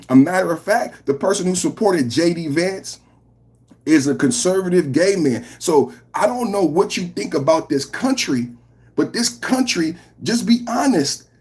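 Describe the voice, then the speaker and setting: A man hosting a live political reaction stream, talking in an animated, mocking way that swings from low mutters to shouts. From San Francisco Bay Area. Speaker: livestream podcast host.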